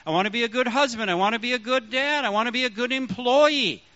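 A man, a pastor, preaching a sermon in an animated way, acting out the voices he quotes. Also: very high voice, fast talker. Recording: dull lo-fi sound.

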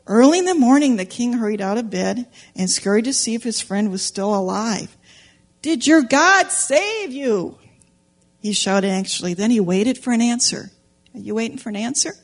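A woman teaching Sunday school, telling a story to children in an animated, playful way and asking them questions. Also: medium pitch. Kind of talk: storytelling demonstration lesson for children. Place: church classroom with children.

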